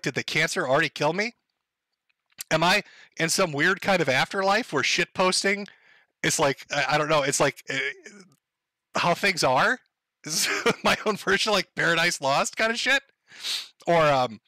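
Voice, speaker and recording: A man riffs to his livestream chat in a loose, profane comedic rant, restarting sentences and laughing as he goes. His voice sits a bit high and sounds bright and pushed. The sound is dry and close, with no room echo. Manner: profane, rambling, laughs often. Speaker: livestream host.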